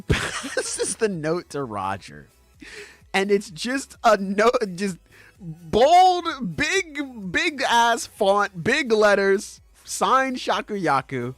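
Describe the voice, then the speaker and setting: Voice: medium pitch, extremely slow, dry recording, faint music behind. A podcast co-host in casual chat, talking animatedly with lots of swearing and laughter. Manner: animated, profane, laughs a lot. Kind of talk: casual chat recapping comics.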